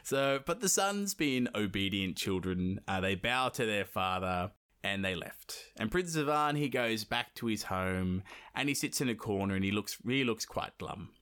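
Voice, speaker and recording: A man's voice: fairly low pitch, animated, moderate pace, fairly bright tone, clear, resonant tone. Joking man retelling a folktale. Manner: joking, swearing, lots of fillers. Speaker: podcast co-host. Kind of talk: casual storytelling chat.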